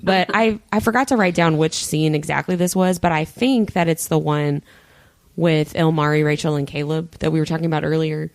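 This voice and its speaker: Woman co-host, deep voice with vocal fry, earnest and gushing, dry sound. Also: steady tone, fairly quick, no echo. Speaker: podcast co-host. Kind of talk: casual podcast chat.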